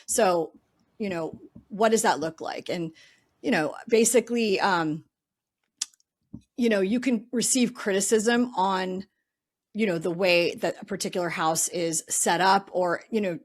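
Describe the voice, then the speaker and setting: A woman's voice: mid-range voice, unhurried. Chatty woman investor on a podcast. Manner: chatty, lots of "um" and "you know", thinks aloud. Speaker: podcast guest, real estate investor. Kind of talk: casual interview talk.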